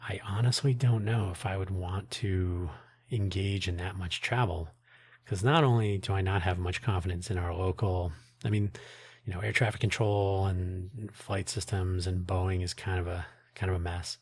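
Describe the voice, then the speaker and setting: A man's voice: sits low, fairly even intonation, moderate pace, breathy edge, dry recording. A man hosting his own podcast, talking in a rambling, wry way with frequent restarts and asides. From United States. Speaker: podcast host. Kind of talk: casual solo monologue.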